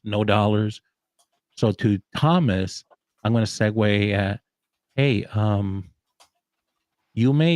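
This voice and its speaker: A man who grew up in the American South, speaking in a relaxed, encouraging panel chat with frequent pauses. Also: lowish voice, dry recording. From Southern United States. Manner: encouraging, reflective, many pauses. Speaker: guest speaker.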